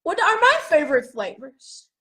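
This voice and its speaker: A woman's voice: very high voice, big pitch swings, moderate pace, pushed and bright, rough recording. A woman giving a raw, profane self-help monologue on a live video, questioning herself aloud.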